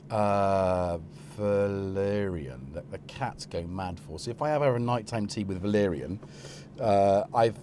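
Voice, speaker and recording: A man's voice: medium pitch, a little mellow, slight background noise. A middle-aged man hosting a casual live stream, rambling and joking while he talks to his cats.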